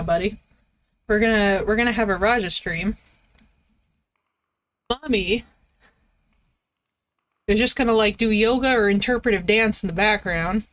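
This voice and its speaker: A woman streaming a game live, chatting playfully with her viewers and cooing at her dog. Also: medium pitch. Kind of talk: casual live-stream chat. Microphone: headset.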